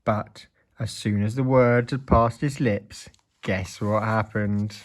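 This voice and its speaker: A man reading a children's story aloud in an expressive, playful way. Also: fairly low pitch, slow pace.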